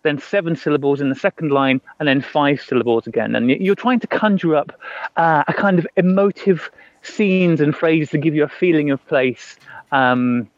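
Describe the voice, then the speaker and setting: A man's voice: on the high side, normal speed, no room sound. A man co-hosting a casual chat, talking easily and laughing often, on a phone outdoors in the rain. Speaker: podcast co-host. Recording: dull lo-fi phone audio.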